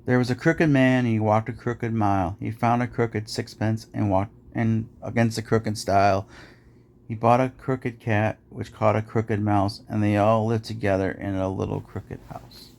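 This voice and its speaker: A man's voice: lowish voice, little pitch movement, a little slow, creaky, darkish tone. A man reading nursery rhymes aloud in a rhythmic, sing-song way, as host of a podcast.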